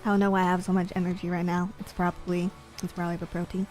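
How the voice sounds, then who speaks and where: Woman streamer, playful, self-mocking, quick to laugh, light music bed. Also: lowish voice, little pitch movement, a little mellow. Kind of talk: casual chat reading viewer comments.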